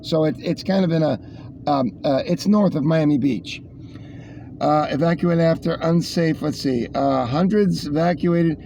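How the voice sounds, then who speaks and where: A man's voice: fairly high pitch, a little slow, gravelly, mellow, a little hiss or hum. A man hosting a casual news rundown, rambling with sarcastic asides. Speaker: host reading the news.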